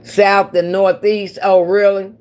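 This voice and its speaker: A woman's voice: medium pitch, flat delivery, slow, a little mellow. A woman from the central United States, hosting a casual livestream and chatting with viewers in a rambling way, laughing often. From United States, Missouri and Oklahoma. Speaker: livestream host.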